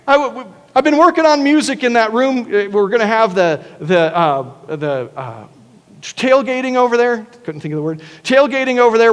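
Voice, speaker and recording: The pastor's voice is very high, echoing with a long reverb tail through the church sanctuary. His sermon comes across as earnest and conversational, and he repeatedly restarts his words.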